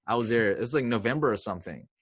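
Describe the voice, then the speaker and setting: A man's voice: medium pitch, expressive, fast talker, husky. A young man telling a story as a podcast guest, chatty and self-mocking, with lots of fillers and acted-out quotes. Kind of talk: casual storytelling.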